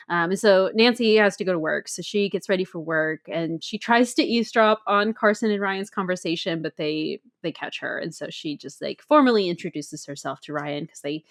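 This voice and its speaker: A woman co-hosts a casual chat podcast and recaps a TV episode. She tells it steadily and slips into quoted lines as she goes. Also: lowish voice. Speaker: podcast co-host.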